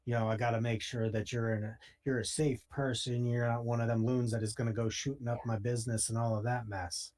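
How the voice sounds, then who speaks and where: A man's voice: medium pitch, level tone, a little fast, few pauses, a little mellow, lightly acted. A man voicing a brash, boastful multi-armed male mercenary gunsmith who talks in a blunt, folksy way.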